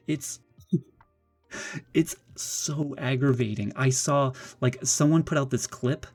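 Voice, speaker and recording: A man streaming live, ranting in an animated, exasperated way and often restarting his sentences. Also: medium pitch. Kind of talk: casual live-stream commentary.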